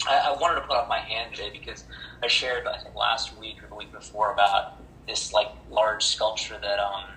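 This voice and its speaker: A man with a lowish, bright-edged voice talks at a support meeting over a video call. He rambles, restarts and stumbles over his words. The room sounds echoey, with faint noise underneath. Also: little pitch movement, moderate pace. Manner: rambling, warm toward others, stumbles and restarts. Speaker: recovery meeting member sharing. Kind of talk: casual personal share at a support meeting.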